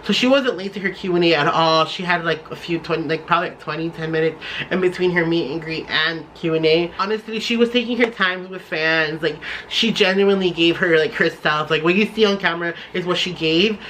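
A young man from the San Francisco Bay Area telling a storytime vlog, gushing and excitable, with lots of "like" fillers. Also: fairly high pitch, brisk, a little hiss or hum. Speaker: vlogger.

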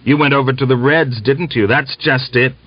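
A man playing a furious young Cossack executioner who threatens with contempt and shouts thickly. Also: mid-range voice, steady tone, moderate pace, dry recording, pitched above the performer's own voice, lightly acted. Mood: furious threatening. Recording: dull lo-fi dry recording.

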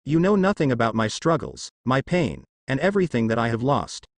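A man's voice: mid-range voice, big pitch swings, fairly quick, no room sound. A man reading the part of a cold, menacing teenage ninja boy with vampire powers, in a cool and threatening way.

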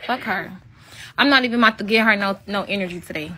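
A woman's voice: mid-range voice, fast, sharp tone, a little hiss or hum. A woman in her twenties giving a profane, mocking commentary rant and repeating taunting questions. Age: 20s. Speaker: commentary vlogger. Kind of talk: ranting commentary.

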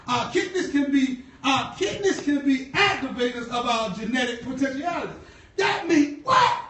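A woman preacher delivering a sermon, telling stories in a casual, slangy way and repeating key lines with fervent bursts. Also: high-pitched. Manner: fervent, repetitive, shouting bursts, laughs; conversational slang storytelling. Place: church. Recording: echoey hall from far off.

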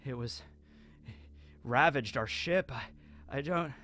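A man voicing a shaken male pirate crewman who speaks in a halting, stammering daze. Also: mid-range voice, bright, forceful tone. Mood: dazed.

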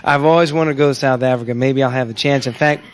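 A man's voice: medium pitch, steady tone, fast, a little hiss or hum. A man hosting a casual faith interview, affable, speaking to viewers as folks and laughing readily. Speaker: host, interviewer.

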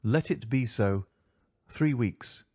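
A man's voice: medium pitch, slow pace, a little mellow, no room sound. A starved Greek prisoner who answers in short, defiant bursts, as a male narrator puts him on. His voice sits a little above the reader's own, and the recording is dry and close. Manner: curt, defiant replies.

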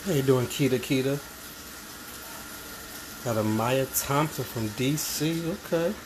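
A man's voice: medium pitch, measured pace, background noise. A slightly congested man co-hosting a cooking livestream, reading and greeting viewer comments in a friendly, playful way. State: a bit congested. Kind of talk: casual livestream chat.

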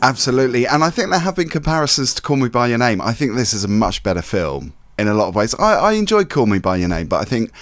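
A man co-hosting a film review show, giving earnest, measured praise in casual chat. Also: medium pitch, sing-song, fairly bright tone, no room sound.

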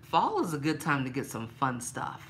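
A woman talking casually and playfully to her viewers in a shopping haul vlog, laughing often and getting animated when she complains. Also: normal speed, slight background noise. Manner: playful, laughs a lot, talks straight to viewers as "girl"; animated, rises high when mock-angry. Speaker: vlogger showing a shopping haul.

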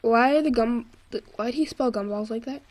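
A young woman giving excitable gameplay commentary, laughing and yelling at the game as she plays. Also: on the high side, normal speed. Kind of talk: let's play commentary.

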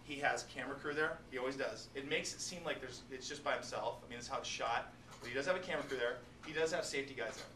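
A biology teacher lecturing his class, animated and joking, talking straight to his students. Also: medium pitch, fast. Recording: echoey classroom, distant mic, noisy.

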